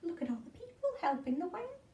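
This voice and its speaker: A woman's voice: very high-pitched, big pitch swings, fast talker, darkish tone, distant mic, highs cut off, slight background noise. A woman reading a picture book aloud to small children in a sing-song way, with playful asides. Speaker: children's storyteller. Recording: echoey room, away from mic.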